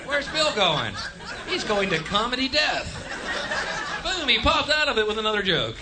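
Guy doing a high whiny heckler dude, sing-songy, mocking. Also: sing-song, normal speed, noisy background. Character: mocking male audience member, high and needling.

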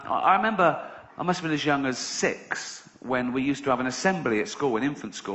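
A man's voice: medium pitch, fairly bright tone. A man doing stand-up, telling a rambling, sweary story with sarcastic asides. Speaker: stand-up comedian. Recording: slightly dull live recording.

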